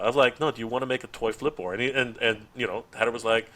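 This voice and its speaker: This podcast guest, a toy YouTuber, has a mid-range voice and speaks fast. In a loose, conversational story, he acts out the quoted dialogue with animated energy, frequent laughs, and plenty of restarts.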